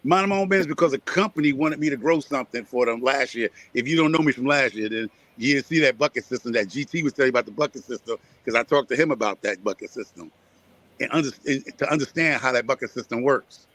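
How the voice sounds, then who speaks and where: A man's voice: mid-range voice, quick pace, fairly bright tone, dry recording. A man from Connecticut talking gardening on a live chat, repetitive and preachy as he rallies his listeners. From Connecticut, USA. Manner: preachy, repetitive, rallying the audience. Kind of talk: casual chat.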